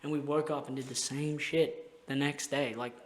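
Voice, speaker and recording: A man's voice: medium pitch, fairly even intonation, normal speed. A young man hosting a podcast, telling rambling, heartfelt stories in casual chat and swearing constantly. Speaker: podcast host.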